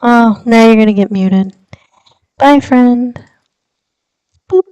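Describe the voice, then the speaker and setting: A woman's voice: on the high side, takes it slowly, dark tone, clear, resonant tone. A blunt, chatty woman hosting a casual livestream, reading news aloud and replying to her chat. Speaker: livestream host. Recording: slightly distant with light reverb.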